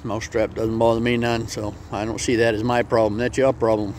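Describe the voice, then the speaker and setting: A man's voice: fairly low pitch, flat delivery, fairly quick, darkish tone, a little hiss or hum, lightly acted. A man voicing a smug, dismissive male chicken in a spoken story, in a near-everyday voice. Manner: chuckling, dismissive.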